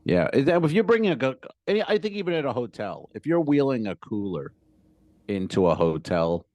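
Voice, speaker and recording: A man's voice: medium pitch, sing-song, fairly quick, darkish tone, no echo. A man co-hosting a comedy podcast, chatting casually and cracking loose jokes. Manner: loose, joking, riffs with asides. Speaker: podcast co-host.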